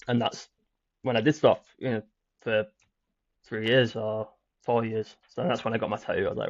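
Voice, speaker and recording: A young British man telling his own recovery story as a guest, in a halting way with repeated words and many fillers. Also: fairly low pitch, fairly even intonation, creaky, no room sound. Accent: British English. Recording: dry, muffled audio.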